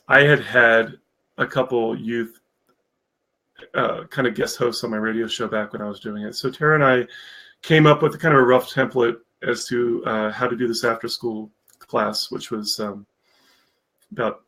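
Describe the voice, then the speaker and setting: Captured in a rough recording, a man with a medium-pitched, somewhat bright voice speaks as a guest in a casual live-stream interview. He founded a mentorship program and talks with rambling enthusiasm, using many fillers.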